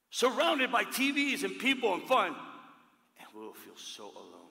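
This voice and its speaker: A man preaching a sermon, emphatic, swinging from loud declarations to hushed words, recorded in a church hall. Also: medium pitch, creaky. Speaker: pastor. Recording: echoey hall with long reverb.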